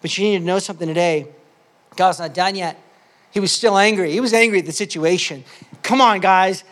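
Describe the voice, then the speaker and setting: Passionate high-voiced male pastor. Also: fast talker. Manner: passionate preaching, swings from loud to soft. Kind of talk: sermon.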